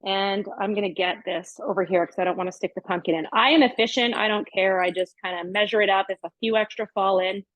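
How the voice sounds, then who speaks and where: A woman's voice: mid-range voice, fast, hardly any pauses, no room sound. A middle-aged woman hosting a casual cooking demonstration in her home kitchen, chatting upbeat as she works. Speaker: cooking show host. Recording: dry, dull lo-fi sound.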